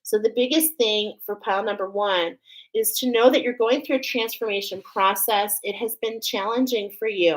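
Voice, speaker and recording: A woman's voice: medium pitch, poor audio. A middle-aged woman from Australia doing a casual spiritual oracle card reading, chatting with viewers as friends. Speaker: tarot and oracle card reader.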